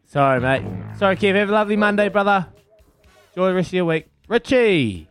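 Upbeat New male radio host running a phone quiz; slightly high, smooth and clear. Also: fast talker, fairly bright tone, dry recording, soft background music. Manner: upbeat, calls callers mate and brother. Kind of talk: casual breakfast radio chat.

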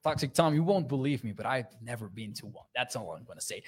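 A man's voice: medium pitch, fairly quick, few pauses, breathy edge. A young man hosting a sports livestream, reading viewer comments aloud in an upbeat, chatty way and laughing often. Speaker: sports podcast host.

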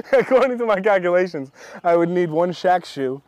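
A man's voice: high voice, lively intonation, moderate pace, darkish tone, dull audio. A young man co-hosting a podcast, chatting casually and laughing often in a playful way. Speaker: podcast co-host. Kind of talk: casual chat.

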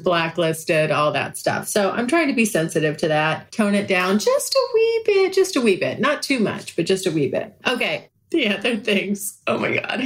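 A woman hosting a podcast, talking frankly and profanely in a casual monologue and laughing often. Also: mid-range voice. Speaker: podcast host.

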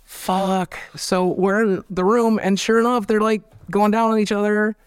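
A man, telling candid stories as an interview guest, animated and swearing freely as he acts out quoted voices. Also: high voice, unhurried, clean tone, no room sound, studio quality. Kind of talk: candid storytelling.

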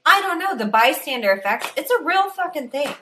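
A woman's voice: high voice, sing-song, brisk, noisy background. A woman co-hosting a true-crime podcast, telling the story in a loose, profane, joking way. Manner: profane, laughs often, storytelling. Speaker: podcast co-host. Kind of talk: casual true-crime chat.

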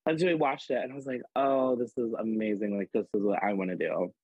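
A man with a husky, breathy voice tells stories in a loose, chatty way, leaning on "like" as he goes. The audio is dry and a little dull, like a modest home podcast setup. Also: fairly low pitch, fast talker, no room sound. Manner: animated, filler-heavy storytelling with many "like"s. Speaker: podcast guest, drag performer. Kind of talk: casual storytelling chat.

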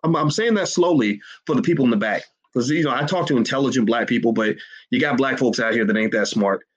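A man's voice: mid-range voice, fast, husky, poor audio. A man giving emphatic livestream commentary to his chat, hammering points with repeated rhetorical questions. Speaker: finance commentator.

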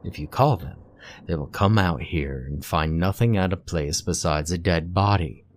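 A man voicing a cold, commanding voice that speaks inside a woman's head in a spoken horror story, low, soft and slow. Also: a little hiss or hum, close to an everyday voice. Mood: sinister, coaxing. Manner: sternly persuasive.

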